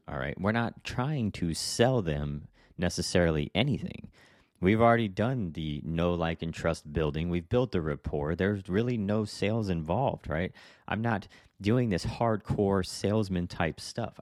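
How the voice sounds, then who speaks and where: A young man with a very deep voice talks through his solo podcast in a loose, rambling style, often checking in with "right?" and restarting his sentences. His voice is recorded close up on a podcast mic in a small room, so the sound is completely dry. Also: animated, normal speed, a little mellow, no echo. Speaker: podcast host, real estate agent. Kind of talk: casual solo podcast talk.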